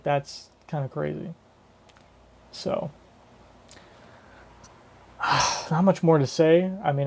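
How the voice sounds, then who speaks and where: A man's voice: on the high side, darkish tone. A man giving casual live reaction commentary on a manga chapter, rambling and swearing casually as he thinks aloud.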